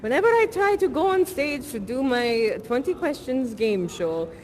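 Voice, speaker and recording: A woman's voice: high voice, very animated, normal speed, a little mellow. A woman playing an eccentric acting teacher with a non-American accent, chatty and rambling as she earnestly teaches. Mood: annoyed, gossipy. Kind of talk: improvised live theatre performance.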